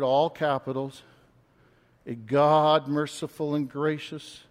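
Man preaching, impassioned sermon, high voice, long reverb of a hall. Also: level tone, takes it slowly. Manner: impassioned, rising to shouts when quoting.

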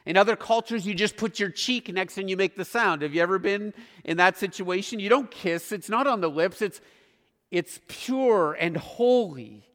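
High-voiced preaching pastor in a hall. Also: male voice, fairly bright tone. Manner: earnest preaching with emphatic pauses. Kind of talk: sermon.

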